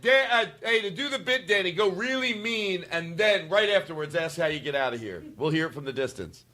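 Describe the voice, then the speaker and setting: A man hosting a podcast, chatting in an animated, excitable way, repeating himself and laughing often. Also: high voice, fairly quick, dry recording. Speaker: podcast host. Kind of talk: casual podcast chat.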